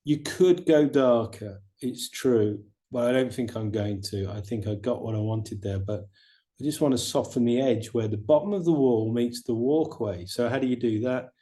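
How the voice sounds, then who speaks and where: A middle-aged man teaching watercolor painting, chatting in a relaxed way and explaining each step as he paints. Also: mid-range voice, moderate pace. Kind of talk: painting demonstration.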